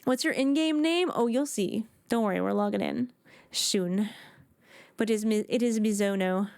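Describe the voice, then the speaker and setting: A woman in her thirties chatting casually with viewers on a live game stream, excitable and prone to restarting her sentences. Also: mid-range voice, normal speed, dry recording.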